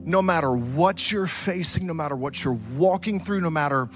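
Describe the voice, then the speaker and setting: A man preaching a sermon, telling a story dramatically and swinging from loud to hushed. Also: a little high, normal speed, soft background music. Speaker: pastor.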